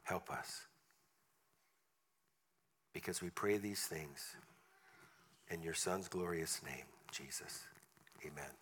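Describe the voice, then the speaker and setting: A man delivers an earnest storytelling sermon, his tone bright and ringing. He leads the congregation into prayer with a hushed, heartfelt delivery. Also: deep voice, unhurried, long pauses, breathy edge. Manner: earnest, with soft drops in prayer. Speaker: guest preacher. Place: church service room.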